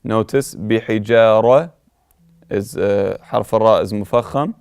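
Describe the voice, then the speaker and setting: A man's voice: lowish voice, a little fast, smooth, no echo, clean studio sound. A man teaching a recitation lesson, patiently explaining and demonstrating how each word should sound. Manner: calm, patient, repeats words to contrast right and wrong sounds.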